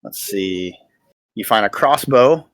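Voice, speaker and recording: A man narrating as dungeon master over a video call, halting with many fillers and restarts. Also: on the low side, lively intonation, dry recording. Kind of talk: narrating a tabletop game.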